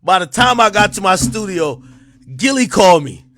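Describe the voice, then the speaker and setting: A man telling a story on a live stream, excitable and profane, jumping between loud outbursts and mumbled asides into a close mic. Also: high voice, moderate pace, no echo.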